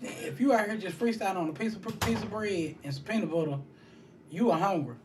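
A man's voice: sits high, brisk. A man in casual podcast chat who talks in an easygoing, teasing way. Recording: clear background noise.

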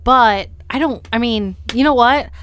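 A woman's voice: fairly high pitch, a little slow, a little hiss or hum. A woman in her thirties hosting a casual chat with friends, telling stories and acting out what other people said. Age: 30s. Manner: animated storyteller, acts out others' lines. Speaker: podcast host.

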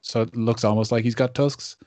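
A man's voice: medium pitch, steady tone, brisk, darkish tone, no room sound. A man playing in a tabletop game, joking and laughing often in casual chat. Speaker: player.

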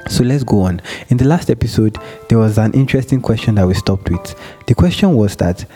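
A man's voice: on the low side, animated, brisk, hardly any pauses, dark tone, faint music behind. Earnest man hosting a devotional show. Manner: earnest, repeats phrases, acts out a phone call. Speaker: devotional podcast host. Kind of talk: casual devotional teaching and prayer.

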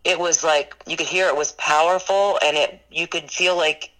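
A woman's voice: deep voice, steady tone, normal speed, fairly bright tone, rough recording. A woman who runs a ghost tour business, earnestly recounting her paranormal experiences in an interview and rambling with lots of "like" and "you know".

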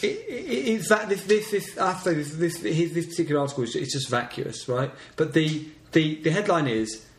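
A man's voice: a little high, animated, a little fast, reverberant. A man co-hosting a casual comedy podcast, reading local news stories aloud with a sarcastic, exasperated tone. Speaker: podcast co-host.

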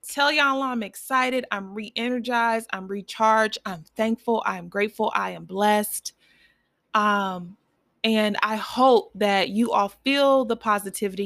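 A woman's voice: mid-range voice, no room sound, clean studio sound. A young woman in her twenties hosting her own podcast, talking casually and encouragingly to her listeners with plenty of fillers. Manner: warm, encouraging, chatty with fillers. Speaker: podcast host. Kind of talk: casual solo podcast talk.

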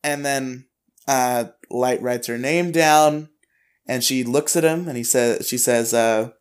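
A man's voice: medium pitch, takes it slowly, smooth. A man co-hosting a podcast, casually recapping an anime episode, acting out lines in a raised voice and laughing often. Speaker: podcast co-host.

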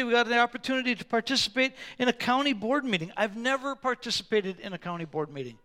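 High, clear-voiced storytelling preacher man. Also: quick pace, few pauses. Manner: animated storytelling, sometimes roaring for emphasis. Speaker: pastor. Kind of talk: sermon.

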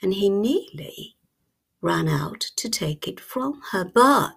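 A woman tells a storybook tale in whispered storytelling ASMR, her voice hushed and husky. She speaks extremely slowly with long lingering pauses, and a gravelly fry runs underneath her words. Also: mid-range voice, very animated.

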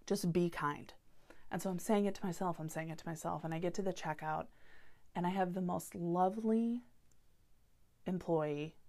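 A woman's voice: fairly low pitch, a little mellow. A woman in her thirties hosting a solo podcast, talking earnestly and openly about hard feelings. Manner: earnest, heartfelt and openly vulnerable. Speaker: podcast host. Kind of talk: candid solo podcast talk.

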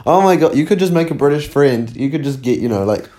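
A man's voice: on the high side, expressive, quick pace, warm tone. A man with a New Zealand accent co-hosting a podcast, teasing dryly in short replies. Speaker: podcast co-host. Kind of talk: casual chat.

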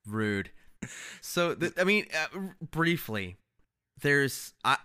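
A man co-hosting a podcast, chatting casually and cracking quick jokes. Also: mid-range voice, animated, sharp tone, smooth. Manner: joking, quick comebacks. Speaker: podcast co-host. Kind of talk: casual chat.

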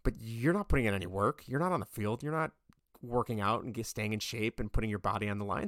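A man's voice: on the low side, fast talker, dry recording, studio quality. Man ranting on a sports podcast. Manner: ranting, gets worked up and loud. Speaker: podcast host. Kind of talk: casual sports opinion monologue.

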